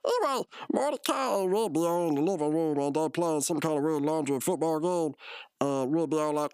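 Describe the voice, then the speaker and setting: A man's voice: fairly high pitch, a little fast, darkish tone, smooth, no echo, clean studio sound. A man co-hosting a podcast, recapping a cartoon episode in a loose, rambling way full of restarts. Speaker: podcast co-host.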